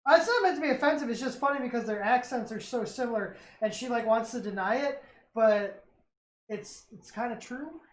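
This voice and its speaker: A man's voice: extremely high pitch, a little fast. An American man hosting a livestream, chatting casually and teasing with frequent laughs. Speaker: livestream host. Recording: roomy echo, faint background noise.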